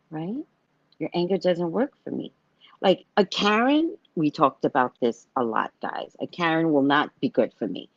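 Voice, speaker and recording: Low-voiced animated older woman. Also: normal speed, no room sound, muffled recording. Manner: animated storytelling, acting out quoted voices. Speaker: psychic reader and live show host. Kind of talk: casual live talk to viewers.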